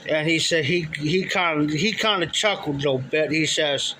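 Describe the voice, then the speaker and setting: This livestream storyteller tells a long, rambling anecdote at a moderate pace, constantly quoting others with "he says" and "I said." He has a fairly high, bright, forceful voice. The audio is poor, with slight background noise.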